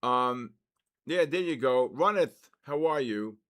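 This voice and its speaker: A man's voice: mid-range voice, lively intonation, slow, a bit bright. An older man from the Bronx, hosting a live trading stream and chatting casually with viewers between market calls. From the Bronx, New York.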